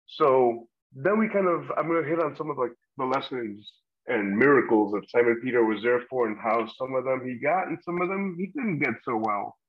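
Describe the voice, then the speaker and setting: A man's voice: mid-range voice, normal speed. A man casually leading a Bible discussion on a podcast, rambling a little, with fillers and the odd laugh. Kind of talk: casual Bible study chat. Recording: slightly muffled lo-fi audio.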